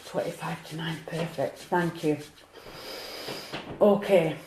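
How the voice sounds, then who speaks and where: A woman's voice: deep voice, fairly even intonation, slow pace, roomy sound, noisy background. Earnest woman giving a live psychic reading. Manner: earnest, emotional, addresses viewers by name. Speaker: psychic medium.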